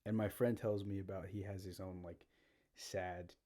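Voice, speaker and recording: A young man hosting his own podcast, rambling in a halting monologue and often repeating himself. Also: deep voice, fairly even intonation, dark tone. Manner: meandering, halting, repeats himself, frequent "you know" and "like". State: out of breath. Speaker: podcast host.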